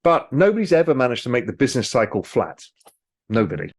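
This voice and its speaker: A man, a guest in an interview, explaining with lively storytelling. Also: mid-range voice, quick pace, breathy edge. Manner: animated storyteller, mimics people in quotes. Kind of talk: casual interview talk.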